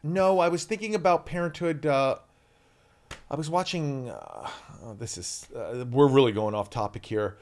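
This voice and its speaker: A man's voice: mid-range voice, big pitch swings, normal speed, a little mellow. Chatty rambling man in his forties. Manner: rambling, chatty, self-interrupting. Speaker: guest. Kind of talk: casual interview chat.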